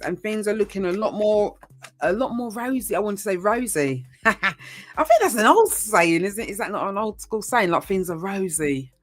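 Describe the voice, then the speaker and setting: A woman's voice: medium pitch, a bit bright. A woman giving a casual tarot reading, chatty and rambling, with frequent ums and mild swearing. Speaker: tarot reader.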